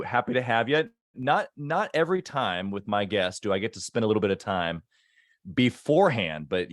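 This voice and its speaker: A man hosting a business podcast, upbeat and enthusiastic, talking in quick bursts during a casual interview. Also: mid-range voice, no echo, clean studio sound. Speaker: podcast host.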